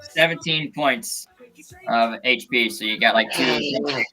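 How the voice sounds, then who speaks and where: A man's voice: medium pitch, a little slow, sharp tone, faint music behind. A man chatting casually as a player in a tabletop game. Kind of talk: casual tabletop gameplay chat.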